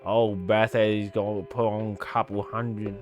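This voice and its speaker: A man's voice: lowish voice, level tone, moderate pace, a little mellow, highs cut off, faint music behind, close to an everyday voice. A man putting on a bad Australian accent to play an overexcited male wildlife presenter, drawling and hammy. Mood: hammy enthusiasm. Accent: Australian, exaggerated and poorly done.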